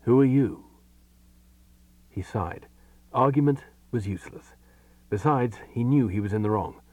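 A man narrating a comic short story as an audiobook, expressive and unhurried. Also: fairly low pitch, no echo, distant mic.

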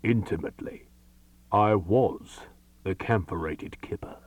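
A man voicing a pompous older detective who speaks with slow, self-important grandeur in an audiobook reading. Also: fairly low pitch, no room sound, distant mic.

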